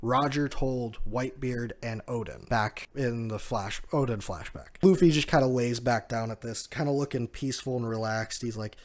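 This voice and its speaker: A man's voice: mid-range voice, normal speed, hardly any pauses. A man hosting a casual chapter recap, retelling the scenes and laughing often as he quotes the characters. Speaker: manga recap host.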